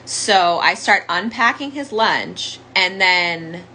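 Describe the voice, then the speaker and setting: A woman's voice: fairly low pitch, animated, takes it slowly, sharp tone, a little hiss or hum, rough recording. A young woman candidly telling her own story as a survivor, in a conversational monologue full of "like" fillers. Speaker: domestic violence survivor sharing her story.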